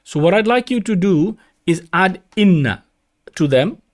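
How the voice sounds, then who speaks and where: A man's voice: sits high, expressive, measured pace. A man teaching Arabic grammar in a recorded lecture, patiently repeating the key points for emphasis.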